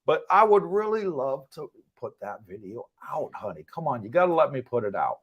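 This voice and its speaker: A middle-aged Englishman hosts a relaxed livestream, working through viewer comments one by one. His manner is chatty and teasing, and he breaks into easy laughter between remarks. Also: mid-range voice, brisk, breathy edge, highs cut off. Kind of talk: casual livestream chat.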